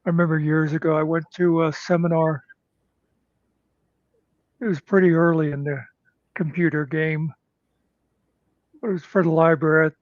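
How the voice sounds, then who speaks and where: Casting: male host, slightly high voice, rambling anecdotes, muffled dry recording. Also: little pitch movement, normal speed, pauses often, no echo. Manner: rambling storyteller, many "uh"s. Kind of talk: casual chat.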